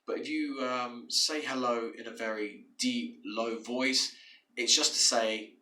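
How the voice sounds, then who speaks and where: A man's voice: medium pitch, steady tone, unhurried, sharp tone, distant mic. A man teaching English to learners, patient and explanatory, often repeating words and restarting phrases. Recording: echoey room, away from the mic.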